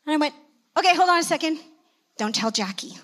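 A middle-aged woman telling a personal testimony in a sermon, acting out the conversations with sudden jumps in pitch. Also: expressive, brisk, fairly bright tone. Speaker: church elder and speaker.

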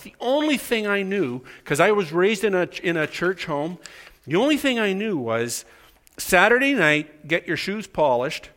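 A man's voice: high-pitched, big pitch swings, moderate pace, fairly bright tone. A middle-aged man from Canada preaching a sermon in a conversational, self-deprecating way, telling stories and acting out the voices in them. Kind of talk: sermon with storytelling.

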